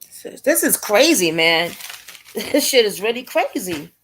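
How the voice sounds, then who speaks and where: Woman livestream host, chatty, animated, bouncy melody, talks right to the viewers. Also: mid-range voice, measured pace, a little hiss or hum. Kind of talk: casual livestream chat.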